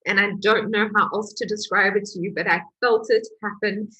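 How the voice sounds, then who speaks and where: A woman's voice: mid-range voice, steady tone, a little fast, fairly bright tone, slightly rough, rough recording. A woman, a healing course coach giving a candid motivational talk, telling her story with emotion and confessional openness.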